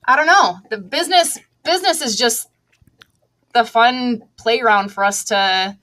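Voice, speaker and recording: A woman's voice: fairly high pitch, animated, a little slow, sharp tone. A middle-aged woman, an online seller, talking casually as an interview guest with a chatty, laughing manner and many restarts.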